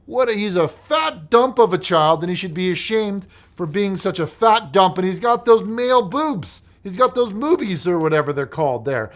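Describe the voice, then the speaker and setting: Guy hosting a joke preacher call-in show, kinda high voice, mumbles then blows up yelling. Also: lively intonation, moderate pace, hardly any pauses. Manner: swings from mumbled reading to loud exasperated ranting.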